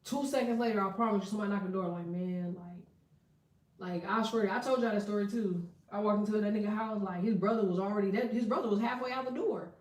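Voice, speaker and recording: In an echoey room, set back from the mic, a woman with a mid-range, slightly mellow voice talks at a quick pace. The tarot and astrology reader is chatting on a livestream, swearing plenty and laughing through candid stories.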